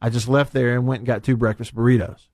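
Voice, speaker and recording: A man hosting a radio show, ranting and bantering in a casual, animated way from the studio. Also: quick pace, no echo. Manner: animated, rants with big pitch jumps.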